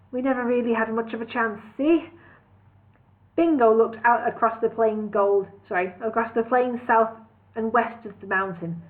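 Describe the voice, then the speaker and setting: A woman reading a parody fantasy novel aloud as a storyteller, catching and correcting small slips as she goes. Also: a little high. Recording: tinny phone-like sound.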